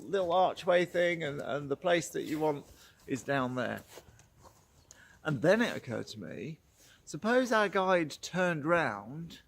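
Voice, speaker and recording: A man's voice: fairly high pitch, gravelly. A man telling a horse-training story in a casual, chatty way, laughing often and acting out quotes.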